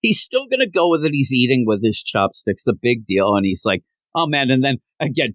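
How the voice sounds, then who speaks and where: This comic book podcast co-host speaks at a medium pitch with no room sound. He chats casually through scenes and livens them up by acting out each character's lines in quick voices.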